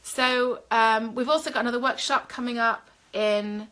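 A woman's voice: a little high, steady tone, normal speed, bright, forceful tone. A middle-aged woman minister leading a live-streamed prayer session, fervent and speaking straight to viewers with frequent ums. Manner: fervent, talks directly to viewers with filler ums.

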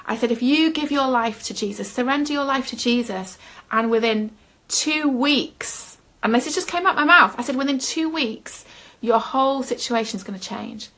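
A woman's voice: high-pitched, moderate pace, a bit bright. Earnest woman telling a faith story. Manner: earnest storytelling, laughs at herself. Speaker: Christian speaker. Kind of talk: personal testimony talk.

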